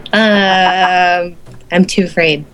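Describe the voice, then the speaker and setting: A woman's voice: on the low side, steady tone, very slow. A woman who dances, a guest in a casual group discussion, speaking hesitantly with many ums.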